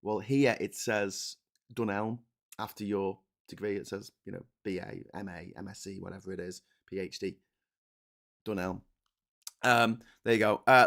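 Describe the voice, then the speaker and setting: A man's voice: low voice, fairly even intonation, moderate pace, creaky, a bit bright. A man hosting a casual livestream from home, reading chat aloud and ranting sarcastically, laughing between lines.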